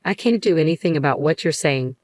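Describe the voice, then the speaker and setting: A woman's voice: low voice, animated, brisk, darkish tone, no echo, studio quality. A woman voicing an arrogant male condo salesman who scoffs at his customers. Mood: sneering. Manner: scoffing, dismissive.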